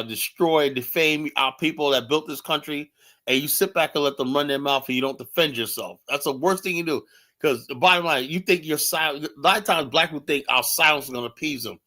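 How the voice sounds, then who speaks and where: A man hosting an online talk show, ranting in casual commentary and acting out the lines he quotes in his stories. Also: fairly high pitch. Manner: animated storytelling, acts out quoted lines. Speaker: podcast host.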